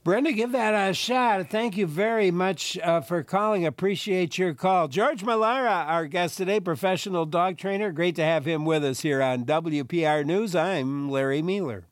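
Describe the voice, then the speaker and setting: A man hosting a call-in radio show who moves briskly between callers and his guest. His voice sits a little high for a man, and his delivery is friendly. The sound is close and dry in the studio. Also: no echo. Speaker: radio host.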